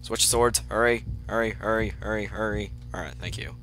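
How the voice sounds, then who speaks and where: A young man commentating his own gameplay, muttering to himself and then breaking into excited yelps. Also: lowish voice, moderate pace, soft background music. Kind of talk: let's play commentary.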